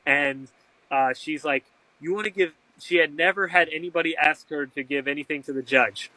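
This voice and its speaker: Bright-voiced man telling a story. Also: on the high side, moderate pace, dry recording, low-quality recording. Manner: animated, acts out quoted people. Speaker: interview guest. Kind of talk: storytelling in conversation.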